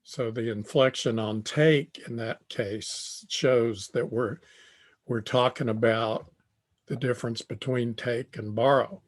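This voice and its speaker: An older man giving a tutorial lecture on communication, speaking deliberately and repeating phrases as he thinks. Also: medium pitch, steady tone. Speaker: tutorial presenter.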